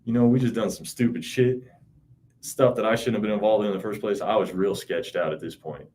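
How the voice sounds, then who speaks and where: A man's voice: fairly low pitch, steady tone, a little fast, darkish tone, slight background noise. A man in his thirties in an interview, recounting events in a rambling, profane, casual way with frequent "you know". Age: 30s. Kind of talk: casual spoken recollection.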